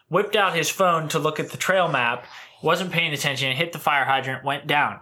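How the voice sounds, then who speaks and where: A man on a casual podcast, telling a family story with lively acted-out voices. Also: normal speed. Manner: animated storyteller, acts out voices with big pitch jumps. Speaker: podcast co-host.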